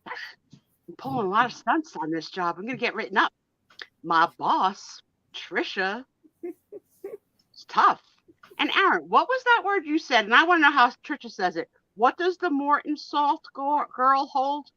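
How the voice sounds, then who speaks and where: A woman's voice: sits high, big pitch swings, normal speed, bright, forceful tone, no echo, highs cut off. A woman joining a live stream as a regular co-host, talking in a playful, teasing, theatrical way.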